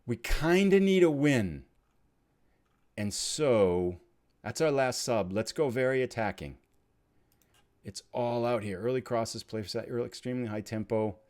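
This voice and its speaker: A man hosting a let's play, thinking aloud as he plays and swinging from quiet muttering to loud excited cheering. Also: medium pitch, a little slow, long pauses. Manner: chatty, thinks aloud while clicking. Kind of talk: game commentary.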